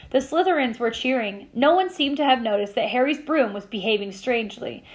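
High-voiced teacher reading a story aloud. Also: female voice, a little fast, few pauses, poor audio. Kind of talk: reading a novel aloud to a class.

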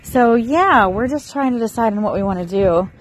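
A woman's voice: fairly high pitch, normal speed, a little hiss or hum, poor audio. Chatty woman vlogging outdoors. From Florida. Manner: chatty and expressive, rising into excited bursts. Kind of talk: casual vlog chat.

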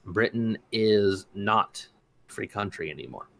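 A man's voice: on the low side, animated, a little slow, gravelly, fairly bright tone. Indignant rambling man on a podcast. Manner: rambling, indignant, many restarts and fillers. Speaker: podcast co-host. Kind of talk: casual opinion commentary.

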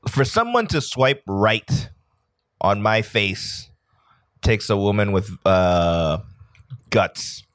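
Male podcast co-host, 40s, low joking voice, dry close recording. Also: expressive, slow, long pauses, no room sound. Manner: joking, crude, self-mocking. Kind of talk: casual chat.

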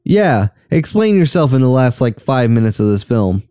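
A man's voice: mid-range voice, sing-song, mellow, clean tone, no room sound, studio quality. A young man from the southern US chatting casually and joking while watching a film. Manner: joking, quick reactions. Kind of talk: casual movie watch-along chat.

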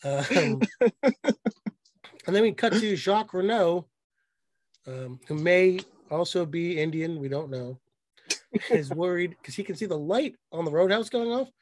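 A man co-hosting a podcast in casual chat, excited and profane, mocking what he talks about. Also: on the high side, no room sound. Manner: excited, profane, mocking, quick bursts of mimicry. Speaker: podcast co-host.

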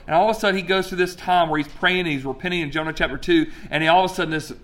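Man, preacher, sermon, conversational storytelling, bright, slightly high voice. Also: racing. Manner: lively, conversational, storytelling with asides.

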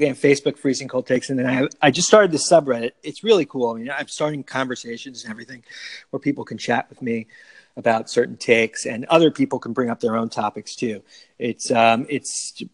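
A man co-hosting a casual sports podcast, talking in an animated way with quick restarts and laughs. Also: medium pitch. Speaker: podcast co-host.

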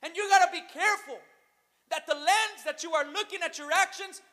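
Male pastor, high bright voice, sermon in a reverberant church. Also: brisk. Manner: preaching, swings to shouted emphasis, calls out to the church. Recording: long reverb of a hall.

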